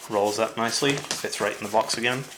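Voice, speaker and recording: A man's voice: on the low side, a little fast, background noise. A man chatting casually as he unboxes a board game, rambling with lots of fillers and asides.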